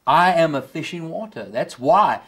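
A man's voice: lively intonation, normal speed, fairly bright tone. Impassioned South African preacher man. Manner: impassioned preaching, rising high on key words. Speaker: pastor. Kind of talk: sermon.

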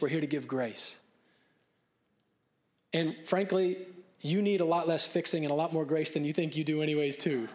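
A man preaching a conversational sermon as pastor, joking and laughing at himself, then dropping softer and earnest on his key points. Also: fairly high pitch. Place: church stage.

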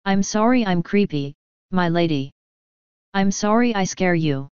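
A woman's voice: mid-range voice, expressive, a little slow, darkish tone, clear, resonant tone, no room sound, lightly acted. A woman reading the part of a meek, loyal female servant who keeps apologizing, on a dull, dry recording. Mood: apologetic.

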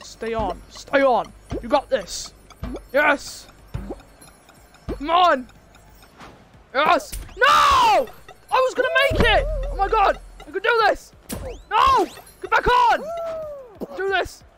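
Brief: a woman as a ranting cartoon sore loser, high and swooping, rather slow. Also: lively intonation, over music, exaggerated voice. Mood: frantic. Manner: yelling, quick to rage at losing. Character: hot-tempered cartoon animal, a sore loser. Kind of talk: fan voice role-play over gameplay.

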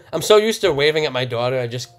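A young man live-streaming a card opening, loud and swearing, laughing and shouting with excitement. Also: mid-range voice, brisk, soft background music. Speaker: streamer opening trading cards.

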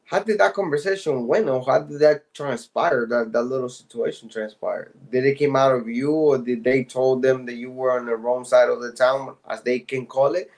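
A male interview host speaks earnestly in a middle-pitched voice. He halts and restarts as he asks questions and talks to viewers, with loose grammar. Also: normal speed, creaky, few pauses, a little mellow.

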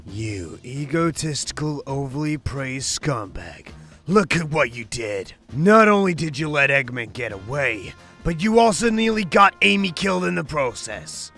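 A cold, contemptuous hedgehog rival, voiced by a man hurls scornful accusations. His tone is sharp and bright, and his pitch swings widely, with faint music behind. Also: exaggerated voice.

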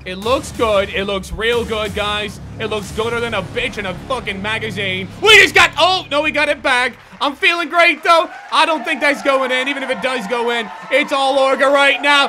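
A young man doing live commentary on a basketball video game, muttering to himself one moment and shouting curses the next. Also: very high voice, normal speed, few pauses, a crowd in the background, background noise. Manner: swings from muttered self-coaching to shouted profane outbursts. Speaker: gaming YouTuber.

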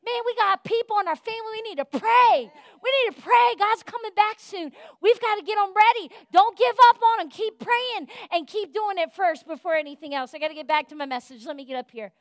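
A woman pastor delivers a fervent, folksy sermon with a very high voice. She swings between loud calls to the congregation and soft, confiding asides. The sound is close and dry, with no room echo. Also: fairly quick, few pauses. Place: church.

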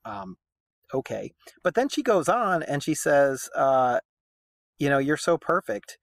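A man's voice: fairly high pitch, sing-song, takes it slowly, vocal fry, no room sound. A man teaching a poem in a casual lesson, chatty and full of rhetorical questions and fillers.

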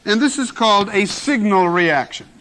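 Emphatic high-voiced man lecturing. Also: animated, a bit bright, a little hiss or hum. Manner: emphatic, repeats key words, dramatic pauses. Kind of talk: lecture on general semantics. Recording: 1970s lecture recording.

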